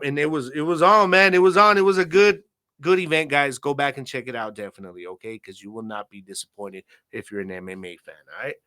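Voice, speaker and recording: With a medium-pitched voice, a sharp tone, and a quick pace, a man hosts a football podcast solo. His easygoing, casual talk is loaded with slang and filler words like "you know" and "man".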